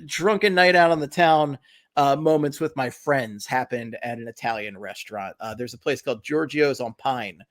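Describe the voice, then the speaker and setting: A man co-hosting a podcast, telling a story in casual chat and acting out the people in it with loud voices. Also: mid-range voice, moderate pace. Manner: animated storyteller, acts out quotes in loud voices. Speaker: podcast co-host.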